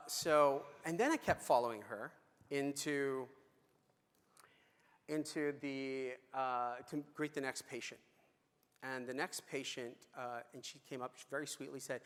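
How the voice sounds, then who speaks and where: A man's voice: mid-range voice, steady tone, measured pace, smooth. A middle-aged man speaks at a conference in a medium voice, telling a story with loose, chatty fillers and restarts. The sound carries a long echo from the large hall around him. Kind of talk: conference keynote talk. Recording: reverberant hall.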